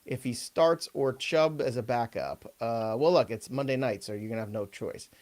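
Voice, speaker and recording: A male host of a live fantasy football show, running through viewer questions in a loose, joking way. His voice sits at an ordinary middle pitch. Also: moderate pace, darkish tone. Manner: joking and loose, often laughing. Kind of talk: live casual sports advice chat.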